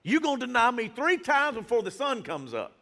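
A man voicing Jesus as a gentle, loving figure who talks calmly and uses casual slang. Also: extremely high pitch, brisk, in a large hall, voice pushed up, heavily acted. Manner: slangy, tender and calm. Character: gentle, loving male Jesus speaking softly.

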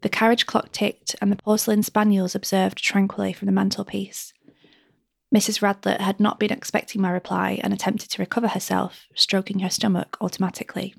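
A woman, the author, reading a first-person novel extract in a measured, gentle storytelling voice. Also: medium pitch, completely flat delivery, gravelly, husky, no echo, clean studio sound. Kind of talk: audiobook narration.

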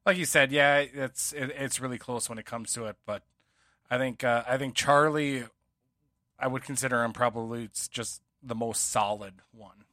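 Bright-voiced man chatting casually. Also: medium pitch, steady tone, moderate pace, dry recording, studio quality. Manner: rambling, many fillers and restarts. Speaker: podcast co-host. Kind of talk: casual sports podcast chat.

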